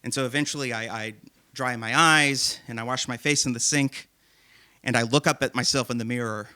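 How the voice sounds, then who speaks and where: A man's voice: medium pitch, fairly quick. A man hosting a live comedy show, telling a self-deprecating story to an audience in a theater. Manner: self-deprecating, animated, laughing at himself. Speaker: host and storyteller.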